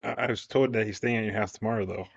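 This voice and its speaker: A woman's voice: very deep voice, fairly even intonation, quick pace, vocal fry, dull audio. A woman co-hosting a casual faith podcast, answering in brief, dry, teasing remarks. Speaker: podcast co-host.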